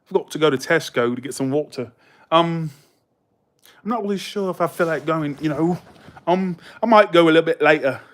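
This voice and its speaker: A man's voice: fairly high pitch, a little fast, close to an everyday voice. A man putting on an exaggerated, mocking London accent while voicing a chatty Londoner fretting about errands. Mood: mock casual. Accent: mock London.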